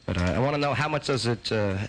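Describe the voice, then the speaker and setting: A man hosting a talk show, joking loudly through clip reactions and reading a news story with many fillers. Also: medium pitch, expressive, fast talker, slight background noise, low-quality recording. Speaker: host. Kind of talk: casual chat, reacting to clips.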